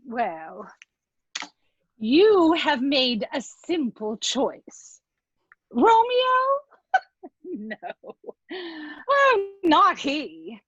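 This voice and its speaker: A woman acting an old, weary nurse with aching bones in an amateur Shakespeare reading, groaning and teasing in a slow, drawn-out way over a video call. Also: sits high, big pitch swings, fairly bright tone, dry recording, exaggerated voice. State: acts out of breath. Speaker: actor in an online Shakespeare reading. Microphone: video call microphone. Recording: dull lo-fi video call audio.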